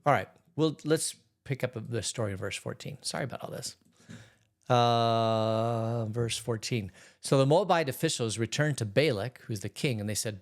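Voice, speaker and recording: A man who is a pastor, giving a relaxed, conversational Bible teaching in church, reading scripture aloud and retelling it in everyday words. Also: mid-range voice, normal speed.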